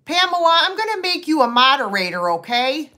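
A middle-aged woman hosts a live online sale, talking fairly quickly in a high-pitched, very animated voice. Chatty and rambling, she greets her viewers by name with warmth and lots of fillers.

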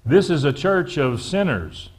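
A man's voice: on the high side, big pitch swings, unhurried, breathy edge. A man preaching a sermon to his congregation, calling on them to answer back and often repeating words as he builds his points. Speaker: pastor. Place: church sanctuary.

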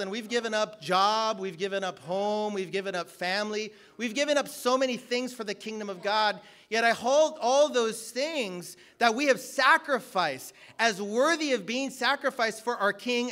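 Male preacher, very high pitch, bright forceful tone, energetic and joking delivery. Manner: energetic, joking, shouts at peaks. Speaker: guest preacher. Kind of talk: sermon.

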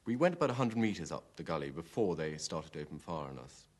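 Deep-voiced man, matter-of-fact war account. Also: very animated, quick pace, slightly rough. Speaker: army platoon commander recalling a battle. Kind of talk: documentary interview recollection.

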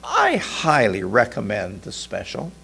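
A man's voice: on the low side, huge pitch swings, a little slow, creaky, sharp tone, husky, heavily acted. A man doing a cheerful older husband.

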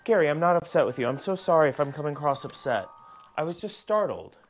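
A man filming a ghost-hunting vlog alone indoors in an old house, gently reassuring an unseen spirit and sometimes jumping with startled outbursts. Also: on the high side, very animated, fast, soft background music. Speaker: paranormal investigator.

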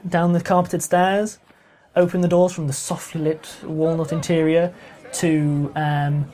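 A man's voice: on the high side, unhurried. A man runs a tabletop game as game master. He narrates easily and loosely, piling up fillers and asides as he sets the scene. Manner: relaxed, rambling, with fillers and laughs.

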